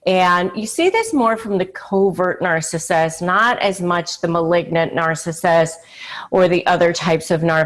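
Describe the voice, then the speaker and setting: A woman with a fairly low voice talks straight to her viewers in an advice-style video. She is conversational and emphatic, leaning on fillers like "you know" and "uh". Now and then she slips into short acted-out quotes. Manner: acts out quoted pleading lines. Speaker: channel host. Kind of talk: direct-to-camera advice talk.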